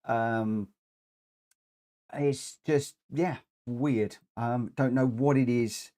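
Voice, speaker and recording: A man's voice: mid-range voice, steady tone, extremely slow, dark tone. A man chatting through a live racing game stream, rambling with frequent ums, a bit short of breath and coughing now and then. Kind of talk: live gameplay commentary.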